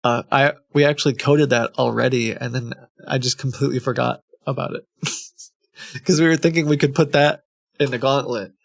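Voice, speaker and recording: A man's voice: mid-range voice, fairly even intonation, moderate pace, gravelly, no room sound. A man hosting a stream, chatting casually in a rambling, self-interrupting way and laughing at himself. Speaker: streamer host. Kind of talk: casual chat.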